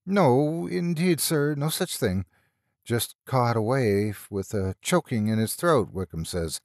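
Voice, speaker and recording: A man's voice: mid-range voice, lively intonation, a little slow, no echo, clean studio sound. A male narrator voicing an agitated, gossipy elderly housekeeper woman in a storybook reading. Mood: shaken. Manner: breathless, agitated and chattering.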